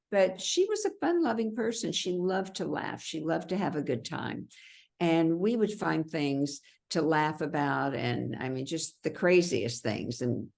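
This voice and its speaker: Woman, deep voice, interview guest, earnest, reflective, halting restarts. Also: creaky, a little mellow. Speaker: interview guest, memoir author. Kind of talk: conversational interview.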